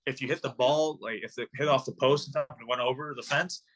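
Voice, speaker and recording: A brisk, steady-toned man with a medium pitch and fairly bright sound tells long-winded stories heavy on ums and likes. He's a pro hockey player in his twenties, chatting casually as a podcast guest.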